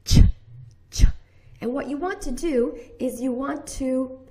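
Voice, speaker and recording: A woman with a General American accent teaching pronunciation, repeating each sound slowly and deliberately. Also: sits high, warm tone. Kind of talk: slow, careful pronunciation lesson.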